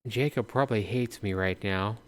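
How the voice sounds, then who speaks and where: A man voicing a trusting, soft-hearted young woman survivor, reading her lines in an earnest, pleading way. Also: fairly low pitch, moderate pace, close to an everyday voice.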